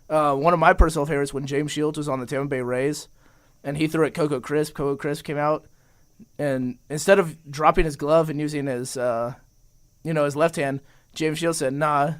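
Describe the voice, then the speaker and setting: Smooth-voiced young man rambling about sports. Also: fairly high pitch. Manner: rambling with many you-knows. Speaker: podcast co-host. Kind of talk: casual sports chat.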